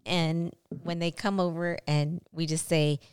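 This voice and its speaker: A woman's voice: on the low side, flat delivery, unhurried, a little mellow, clean tone. A woman co-hosting a podcast, chatting playfully and teasing, laughing often. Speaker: podcast co-host. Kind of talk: casual podcast chat.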